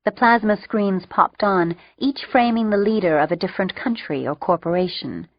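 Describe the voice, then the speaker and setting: A woman narrating an audiobook with steady, wry storytelling. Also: medium pitch, normal speed, dry recording. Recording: dull lo-fi dry recording.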